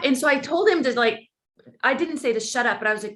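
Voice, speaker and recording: Bright-voiced woman telling a story. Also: expressive, fast talker. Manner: acts out quoted dialogue with big pitch jumps. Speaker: podcast guest. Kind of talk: animated storytelling in conversation.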